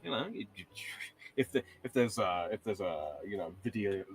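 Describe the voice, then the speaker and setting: A man's voice: on the low side, lively intonation, moderate pace, a little hiss or hum. A man guesting on a podcast in casual chat, wry and profane, drifting into tangents.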